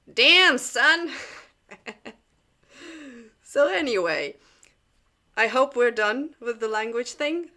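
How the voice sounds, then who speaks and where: Young woman host, bright crisp voice, chatty and jokey, laughs a lot. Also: medium pitch. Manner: rambling, laughs often, jokey asides. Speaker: channel host. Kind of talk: casual livestream chat.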